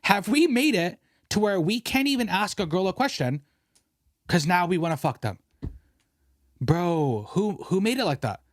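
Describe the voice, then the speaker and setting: A young man hosting a casual podcast, ranting in an animated way and swearing freely. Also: high-pitched, normal speed, dry recording, studio quality. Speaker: podcast host.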